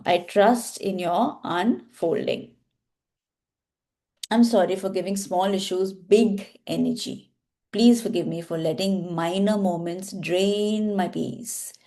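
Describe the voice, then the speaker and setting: A woman healer leading a guided practice, reciting affirmations slowly and deliberately, with casual asides to her viewers. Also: mid-range voice, mellow.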